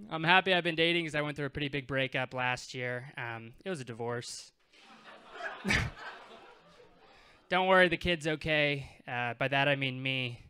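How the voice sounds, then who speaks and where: A man's voice: mid-range voice, measured pace, long pauses, sharp tone. A man in his twenties performing stand-up at a comedy club, conversational and self-deprecating, acting out bits of dialogue. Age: 20s.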